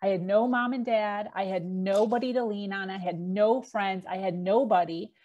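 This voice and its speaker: A woman's voice: mid-range voice, steady tone, moderate pace, darkish tone, highs cut off. Candid woman telling a hard story. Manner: frank, fillers and acted-out quotes. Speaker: podcast guest.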